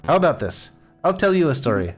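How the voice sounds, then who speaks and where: A man's voice: on the high side, very animated, quick pace, soft background music. A man reading a visual novel aloud and voicing a theatrical, gallant male prisoner with a grandiose, storytelling manner.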